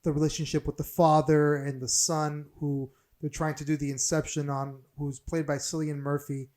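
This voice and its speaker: A slightly high-voiced man co-hosting a film podcast. He rambles excitedly, swears freely and keeps apologising to listeners as he goes. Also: moderate pace. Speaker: podcast co-host. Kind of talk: casual podcast chat.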